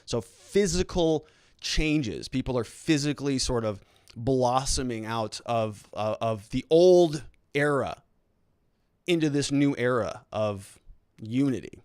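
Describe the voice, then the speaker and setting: A man's voice: medium pitch, expressive, takes it slowly, a little mellow, clean tone, no echo, clean studio sound. A man hosting a legal and political commentary show, talking casually with a sarcastic edge. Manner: sarcastic, mocking quoted reactions in put-on voices.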